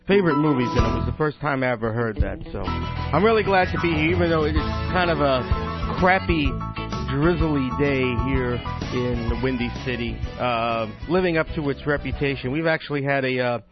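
A man's voice: mid-range voice, brisk, dull audio, over loud music. A man hosting his own talk radio show, chatting in a rambling, opinionated way with lots of restarts. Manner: rambling, with many restarts and asides. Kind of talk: casual talk radio monologue.

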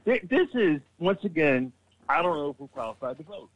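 A man's voice: a little high, very animated, brisk, breathy edge. A man co-hosting a casual political chat show, rambling and swearing with stammering restarts, on a dull lo-fi microphone. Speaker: podcast co-host. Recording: dull lo-fi mic.

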